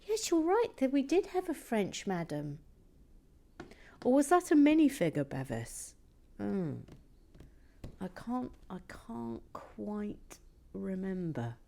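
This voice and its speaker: A woman's voice: mid-range voice, very animated, takes it slowly, vocal fry, mellow, a little hiss or hum. A woman hosting a Lego build vlog, chatting casually and muttering or whispering to herself as she concentrates.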